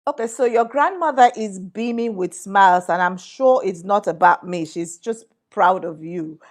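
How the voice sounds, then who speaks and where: A woman's voice: medium pitch, moderate pace. Middle-aged woman hosting a family talk. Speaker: host. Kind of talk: family conversation, interviewing.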